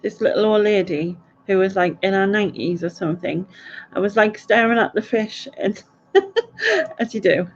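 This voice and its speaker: A woman with a mid-range voice and lively intonation hosts a casual quiz live stream, speaking at a normal speed. She chats, rambles through stories and laughs a lot. The audio sounds dull and lo-fi.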